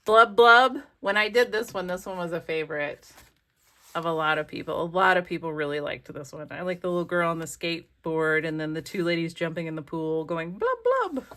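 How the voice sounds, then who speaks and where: A woman's voice: low voice, steady tone, fairly quick, fairly bright tone. A woman craft vlogger chatting casually as she flips through her pages, rambling and gushing over favorites. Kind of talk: casual flip-through commentary. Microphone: desk camera.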